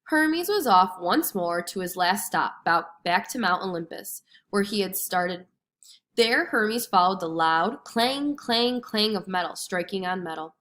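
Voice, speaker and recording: With an unhurried, mid-range voice, a woman reads a storybook lesson aloud to children. Her storytelling is clear and expressive.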